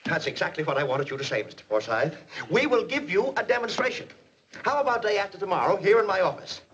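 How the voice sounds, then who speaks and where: An actor playing an excitable, blustering company boss in a 1940s film comedy, swinging from stern to giddy. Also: male voice, sits high, fast talker. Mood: flustered. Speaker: businessman, the boss. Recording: muffled 1940s film soundtrack with hiss.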